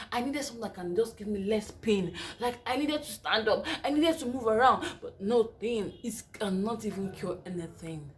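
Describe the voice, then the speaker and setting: A young woman with a Nigerian accent, telling her viewers a personal story in a lively, chatty way. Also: medium pitch, a little hiss or hum. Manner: animated, lively retelling full of asides to viewers. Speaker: vlogger. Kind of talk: casual storytelling to camera.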